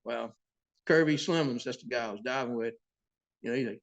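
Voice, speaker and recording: List: man, boat captain, casual sea stories, salty and animated, swears freely. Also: mid-range voice, moderate pace. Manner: profane, animated sea-story telling. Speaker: boat captain and interview guest. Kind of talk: casual storytelling.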